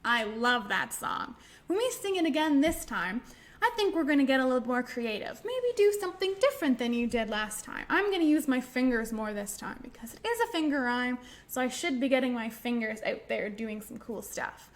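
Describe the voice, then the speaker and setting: A woman hosting a library storytime for young children, talking through finger rhymes in a gentle, encouraging way. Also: fairly high pitch, expressive, normal speed.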